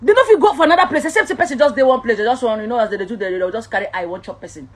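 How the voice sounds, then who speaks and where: A woman's voice: a little high, lively intonation, very fast. A woman with a Nigerian accent delivering an impassioned, accusatory vlog rant, swinging between tears and laughter.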